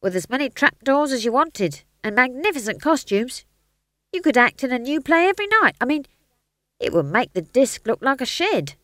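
An eager, dreamy playwright, put on by a woman narrator in a storybook reading. His voice swoops up with excitement, the pitch leaping around. The sound is close and dry. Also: normal speed, no room sound. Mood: excited.

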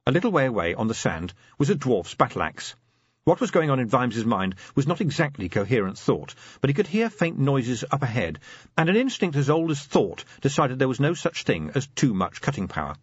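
A man with a husky, mid-pitched voice reads a novel aloud, with his intonation rising and falling freely. The recording is dry and close, and it sounds slightly muffled. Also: a little fast, dry recording. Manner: lively, expressive storytelling. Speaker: audiobook narrator. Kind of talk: scripted narration.

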